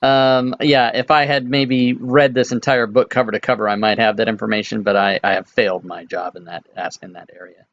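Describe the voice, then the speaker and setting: A man running a tabletop game as dungeon master, reading out scenes in a relaxed, halting way with many fillers. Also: lowish voice. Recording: dull lo-fi mic.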